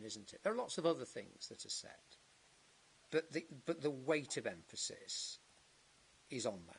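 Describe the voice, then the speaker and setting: Guy questioning a witness at an inquiry, slow halting delivery, tag questions, faint hiss. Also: mid-range voice, lively intonation, creaky, a bit bright. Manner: measured, halting, many restarts and tag questions. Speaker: advocate cross-examining a witness. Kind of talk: planning inquiry cross-examination. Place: public inquiry hearing.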